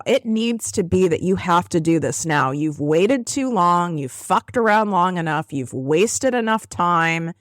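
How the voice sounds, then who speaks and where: A woman podcast host and business coach giving a blunt, profane, tearful motivational monologue, her voice jumping high on emphatic words. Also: lively intonation, a little slow, few pauses, dry recording, clean studio sound.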